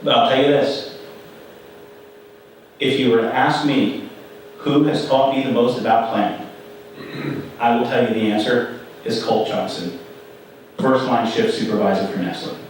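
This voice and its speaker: A middle-aged man speaking at a conference, chatty and animated as he tells his story. His voice sits at an ordinary pitch. The very echoey hall and his distance from the mic make him sound far off, over a faint room hum. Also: measured pace, long pauses. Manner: conversational, animated retelling with quoted voices. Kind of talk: storytelling talk.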